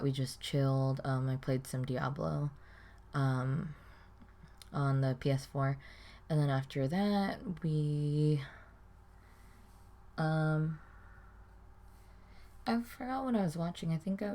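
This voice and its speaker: Low-voiced young woman rambling vlog story. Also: warm tone. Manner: rambling, swears a lot, many "like"s. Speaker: vlogger.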